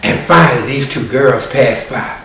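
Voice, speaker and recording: A man telling a story live, animated and rhythmic with spoken sound effects. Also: mid-range voice, moderate pace, a little hiss or hum. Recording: very echoey room, distant mic.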